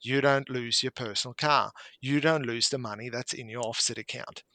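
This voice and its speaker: A man's voice: mid-range voice, fairly even intonation, normal speed, pushed and bright, no echo. A man, an accountant guest on a podcast interview, explaining with homely anecdotes and examples.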